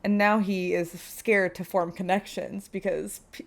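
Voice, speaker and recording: A woman's voice: medium pitch, flat delivery, measured pace, vocal fry. A woman co-hosting a tabletop gaming podcast, chatting casually with fillers and frequent laughter. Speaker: podcast co-host. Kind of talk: casual chat.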